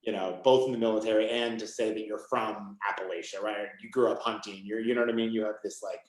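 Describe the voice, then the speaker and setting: A man's voice: fairly low pitch, fairly even intonation, fast talker. Rambling man in an echoey room. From Maine. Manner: rambling, full of "you know" and "like". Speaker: author guest. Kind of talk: casual conversation.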